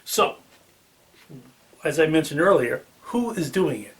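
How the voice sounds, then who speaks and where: A man's voice: on the high side, very animated, measured pace, a bit bright, distant mic. A man with a Boston accent hosting a car channel, talking casually to the camera with ums and restarts. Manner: chatty, with filler ums and restarts.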